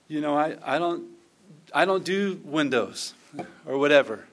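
A man's voice: on the high side, moderate pace. A middle-aged man preaching a conversational sermon, often acting out quoted prayers. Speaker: pastor.

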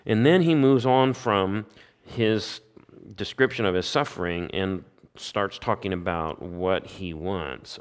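A man with a somewhat low voice leads a Bible study and walks his listeners through the text. He explains it in plain words, voices its lines in the first person and keeps asking rhetorical questions. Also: slow pace, clear, resonant tone. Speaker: Bible teacher.

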